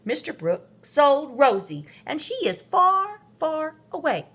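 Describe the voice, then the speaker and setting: A woman voicing a bossy older sister in a storybook, loud and scolding. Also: high-pitched, big pitch swings, takes it slowly, voice pushed up, exaggerated voice. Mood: scornful.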